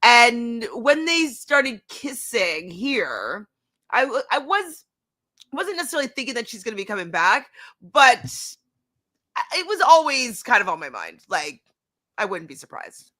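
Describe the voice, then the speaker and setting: A woman's voice: fairly high pitch, sing-song, unhurried, pushed and bright. A woman guest in casual chat who laughs easily and often restarts her sentences as she thinks aloud.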